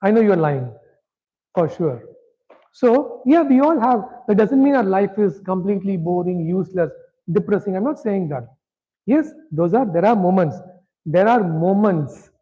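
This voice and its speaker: A man leads a scripture lesson in a relaxed, conversational way. His voice sits fairly high, and he keeps checking whether listeners are following. The recording is dull and lo-fi. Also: moderate pace. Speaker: scripture class teacher. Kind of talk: interactive lecture.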